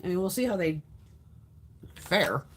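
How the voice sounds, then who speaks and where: In her lowish, breathy-edged voice, a woman speaks expressively and unhurriedly while hosting a casual beauty livestream. She reads viewer comments, rambling and chatting with frequent restarts, and her opinions are blunt and heavily profane.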